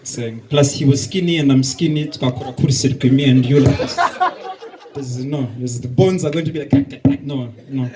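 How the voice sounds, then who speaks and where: A man with a mid-range voice performs stand-up at a bar comedy night while also hosting, speaking at a moderate pace. He tells animated stories full of acted-out dialogue as the audience laughs. Faint live-bar noise sits under the recording.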